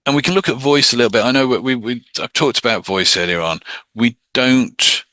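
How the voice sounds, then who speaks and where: A man's voice: medium pitch, fairly quick, sharp tone, dry recording. A man teaching hypnosis in a casual, plain-spoken lecture, often slipping into mock voices to show a point.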